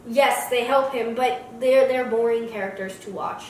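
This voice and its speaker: A woman's voice: fairly high pitch, moderate pace, slight background noise. A woman co-hosting a movie review podcast, talking bluntly and with strong opinions. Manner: blunt, opinionated, animated with mock voices. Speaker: podcast co-host. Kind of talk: casual movie review chat. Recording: echoey room, distant mic.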